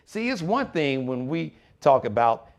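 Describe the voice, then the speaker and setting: A man hosting his own live show, talking with animated, preachy conviction and acting out other people's voices. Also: medium pitch, unhurried. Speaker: show host.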